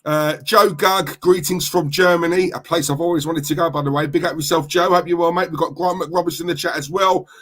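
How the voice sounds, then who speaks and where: A man's voice: a little high, fairly even intonation, a little fast, few pauses, a bit bright. A man with a London accent hosting a casual football live stream, chatty and full of slang as he greets viewers in the chat. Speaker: football livestream host.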